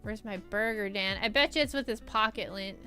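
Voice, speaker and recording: A woman streamer chatting casually and telling stories while answering chat, animated and laughing often. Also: mid-range voice, normal speed, soft background music.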